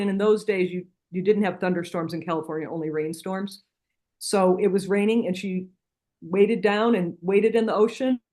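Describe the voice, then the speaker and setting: A middle-aged woman speaks at an average pitch as a guest in a conversational interview. She explains a healing method in an earnest way. She often restarts her sentences and livens up her stories with retold dialogue. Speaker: guest practitioner from a spiritual healing center.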